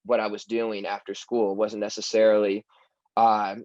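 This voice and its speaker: A man's voice: on the low side, flat delivery, normal speed, a little mellow, no echo. A young man on a student panel, talking in a reflective, thoughtful way with frequent restarts. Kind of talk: panel advice. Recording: dull, muffled dry sound.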